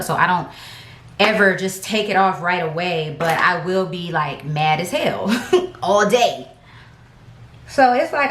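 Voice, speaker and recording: A woman's voice: lowish voice, a bit bright, roomy sound. A woman beauty vlogger, chatting casually and slangily to her viewers at home. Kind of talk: casual get-ready-with-me chat.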